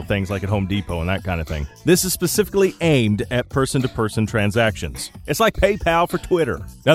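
A man hosting a daily tech news roundup, reading stories with sarcastic, wisecracking asides. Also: fairly high pitch. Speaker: news show host.

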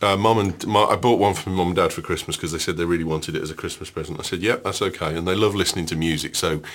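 Deep-voiced man telling stories. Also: steady tone, fast, fairly bright tone. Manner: anecdotal storyteller, laughs at his own stories. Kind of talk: casual chat.

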